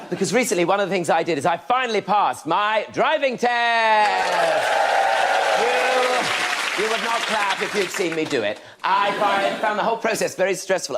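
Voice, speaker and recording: A man's voice: high-pitched, fairly bright tone. A man in his thirties doing a self-deprecating stand-up routine on a comedy stage, acting out the other voices in his story. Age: 30s.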